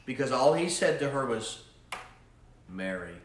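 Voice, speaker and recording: A male pastor preaching a sermon in a repetitive cadence that swells with fervor and then softens into prayer. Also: medium pitch, animated, moderate pace, a little hiss or hum. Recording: roomy echo, mic at a distance.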